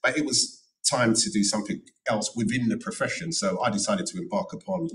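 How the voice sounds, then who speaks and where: Earnest low-voiced man, heard from afar. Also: brisk, distant mic, poor audio. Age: middle-aged. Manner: earnest, emphatic advice with repeated phrases. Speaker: panel speaker, notary and former solicitor. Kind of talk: panel talk at a careers event. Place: event room.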